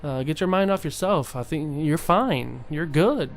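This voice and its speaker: A man's voice: fairly high pitch, expressive, a little slow, faint music behind. A young man talking casually and earnestly to his viewers, rambling with many fillers and restarts. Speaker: vlogger. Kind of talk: casual motivational monologue.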